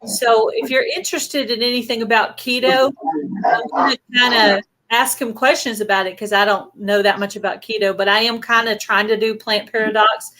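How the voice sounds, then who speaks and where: A woman's voice: fairly high pitch, fairly even intonation, moderate pace, bright, forceful tone, low-quality recording. A middle-aged woman hosting a casual live-stream interview, chatty and prone to giggling as she tells stories. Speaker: host.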